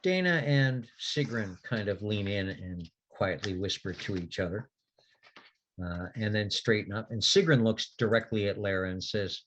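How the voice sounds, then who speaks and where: A man's voice: on the low side, animated, normal speed, a bit bright, lo-fi sound. A man narrating a tabletop game as its game master, in a casual way.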